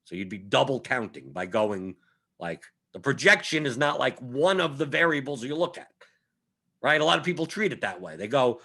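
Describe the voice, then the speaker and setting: A man's voice: medium pitch, lively intonation, moderate pace, bright, forceful tone, slightly rough. A young adult man hosting a fantasy sports live stream, chatting casually and emphatically, repeating his points and often asking "right?". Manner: emphatic, repetitive, conversational with frequent "right?". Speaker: fantasy sports analyst host.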